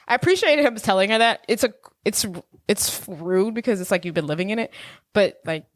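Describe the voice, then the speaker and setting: Mujer muy expresiva en charla de podcast. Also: female voice, medium pitch, brisk, dry recording, clean studio sound. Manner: animated, laughs often, acts out quotes. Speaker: podcast co-host. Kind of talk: casual chat.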